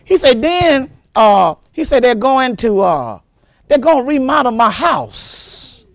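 High, lively preaching pastor. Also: male voice, takes it slowly, no echo. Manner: animated preaching, repeats words, laughs often, exclaims praise. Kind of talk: sermon.

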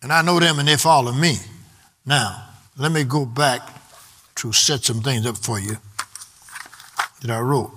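A man's voice: mid-range voice, measured pace, pauses often, pushed and bright. A man preaching a sermon emphatically and calling out to the congregation for responses. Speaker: pastor.

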